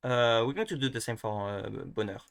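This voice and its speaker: A man's voice: mid-range voice, expressive, brisk, clean tone. A young man, teaching pronunciation in a casual, hesitant way, thinking aloud and often restarting. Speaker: language teacher.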